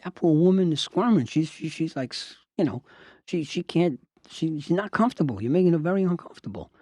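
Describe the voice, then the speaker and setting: Guy doing a nervous right-hand man, a bit high, quick and hushed. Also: expressive, no echo, clean studio sound. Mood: urgent. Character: urgent, tactful male aide of a promoter.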